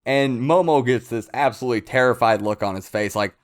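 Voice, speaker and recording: A man giving casual, excitable commentary as a comics reviewer. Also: mid-range voice, a little fast. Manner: excitable, animated, hyped. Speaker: manga reviewer.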